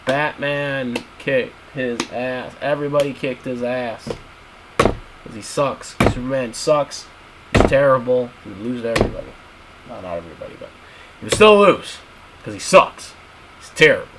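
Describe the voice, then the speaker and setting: A man's voice: medium pitch, a little slow, noisy background. A man streaming, ranting bluntly and crudely in a casual, repetitive way.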